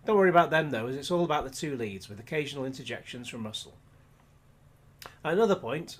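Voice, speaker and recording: A man's voice: medium pitch, expressive, quick pace. A man reading a scripted film review voice-over, with dry, sarcastic humour.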